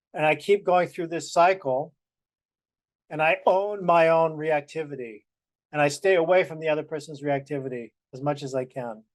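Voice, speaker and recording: Earnest man with a higher voice sharing reflectively. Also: darkish tone, no echo. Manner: earnest, reflective, slows down on key phrases. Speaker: practice group participant. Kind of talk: personal sharing in a practice group.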